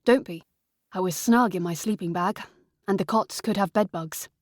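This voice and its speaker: A tall, steady young man, read by a woman narrator talks in a calm, matter-of-fact way. The audiobook voice is close and dry, with an even pitch. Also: moderate pace, dry recording, natural voice.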